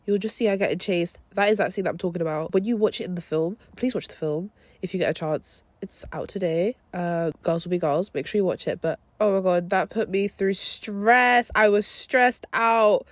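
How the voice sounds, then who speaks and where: A young woman hosting a podcast, reviewing a film in a casual, animated way full of slang and swearing. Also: medium pitch, normal speed, hardly any pauses, dry recording. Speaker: podcast host.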